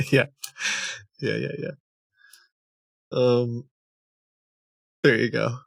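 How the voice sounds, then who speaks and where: A male streamer in easy, unhurried casual chat. His voice has a gravelly, creaky edge, and he talks close to a desk mic in a dry, dead room. He jokes and breaks into laughter often. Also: mid-range voice, no room sound.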